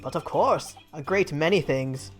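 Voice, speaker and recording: A woman's voice: sits low, measured pace, soft background music. A woman voicing a pompous, eccentric British male detective in a theatrical, grandiloquent manner, with a put-on British accent. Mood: grandiose. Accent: attempted British.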